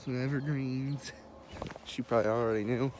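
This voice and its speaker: A man's voice: medium pitch, steady tone, normal speed, darkish tone, slight background noise. A man casually narrating his outdoor walk, rambling and laughing at himself. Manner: rambling, self-amused, talks to himself. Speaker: vlogger. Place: outdoors in wet grass and woods.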